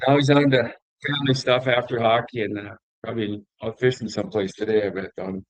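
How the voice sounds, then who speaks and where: A man's voice: medium pitch, steady tone, moderate pace, dry recording, rough recording. A middle-aged man hosting a casual interview, talking in a meandering, conversational way. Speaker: interview host.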